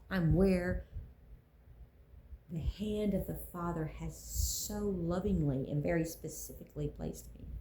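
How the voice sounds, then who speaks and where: A woman's voice: lowish voice, warm tone, reverberant, a little hiss or hum, low-quality recording. A woman speaking earnestly about her faith, preaching in a casual way and repeating phrases for emphasis. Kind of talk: personal faith talk.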